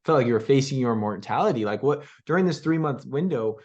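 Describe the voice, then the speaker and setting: A man's voice: mid-range voice, expressive, quick pace, a little mellow, dull audio. Casual young male podcast host. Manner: casual, upbeat, asks long rambling questions. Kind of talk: conversational interview.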